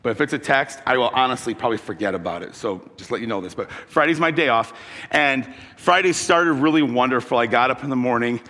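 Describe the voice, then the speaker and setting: A man's voice: mid-range voice, animated, brisk, pushed and bright. Man preaching a story-filled sermon in a reverberant hall. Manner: conversational preaching with personal stories, asks the congregation questions. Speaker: pastor.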